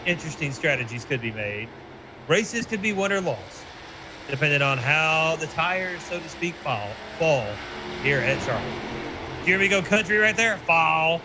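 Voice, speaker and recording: A man's voice: a little high, moderate pace. A man from Tennessee calling a sim race play-by-play, chatty and joking with his co-host. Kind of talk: sim racing broadcast commentary. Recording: steady background noise.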